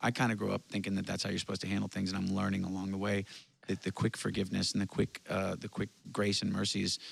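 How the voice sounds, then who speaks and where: Gravelly fast-talking man, earnest. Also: sits low. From Texas. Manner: earnest, confessional, lively bursts when telling stories. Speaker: guest musician. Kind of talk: casual chat.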